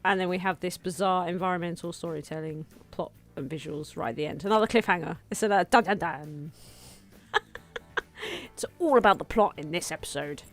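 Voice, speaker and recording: A woman with a fairly low voice talks through her game in a relaxed, thinking-aloud way. She chatters and laughs at herself as she goes. Soft music plays faintly behind her. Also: brisk. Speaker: gaming video host. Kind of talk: casual let's-play commentary.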